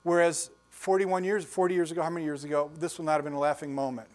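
A man's voice: fairly high pitch, little pitch movement, fast. Folksy chuckling older male preacher. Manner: folksy storytelling, chuckles often, asks listeners questions. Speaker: pastor. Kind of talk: conversational sermon.

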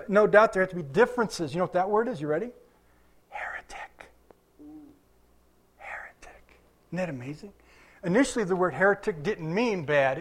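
A man's voice: high-pitched, a bit bright. A male pastor preaching a sermon in a conversational way, with casual asides. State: limping after surgery.

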